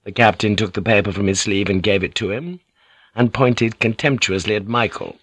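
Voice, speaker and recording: A man's voice: moderate pace, a bit bright, breathy edge, no echo, clean studio sound. A man narrating an audiobook in a scripted style, shifting his voice slightly for characters. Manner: voices characters with light shifts in pitch and broken English.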